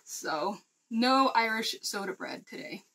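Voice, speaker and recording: A chatty American woman co-hosting a casual snack-tasting vlog. Her voice sits a little high, and she tells stories with quick asides. She laughs often as she talks. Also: animated, sharp tone, low-quality recording. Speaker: vlog co-host.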